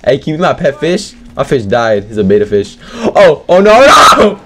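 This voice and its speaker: Loud, erratic young gamer guy. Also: medium pitch, sing-song, normal speed, loud music behind the voice. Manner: loud, erratic, frequently shouting and laughing. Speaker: gaming YouTuber. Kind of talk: excitable gameplay commentary with voice chat.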